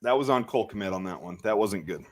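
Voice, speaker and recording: A man's voice: lowish voice, expressive, quick pace. A man hosting a live watch party, reacting to the game play by play and ranting angrily at the referees. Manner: agitated, ranting play-by-play, yelling when angry. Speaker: sports watch party host.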